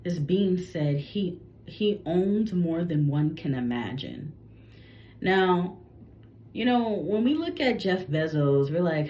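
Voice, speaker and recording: A woman psychic reader with a low-pitched, lively voice slowly tells a channeled reading story in a rambling, casual way. She keeps restarting and correcting herself, and the audio sounds dull.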